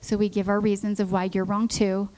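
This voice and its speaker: Speaking fairly quickly in a mid-range voice, this church speaker offers a sermon with a conversational feel. The middle-aged woman enlivens her stories by performing the voices of the people she quotes.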